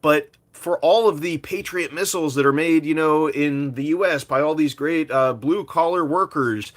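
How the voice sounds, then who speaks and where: A man's voice: fairly high pitch, moderate pace. Chatty man hosting a commentary video. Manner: conversational, with frequent fillers. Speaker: host. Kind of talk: casual commentary monologue.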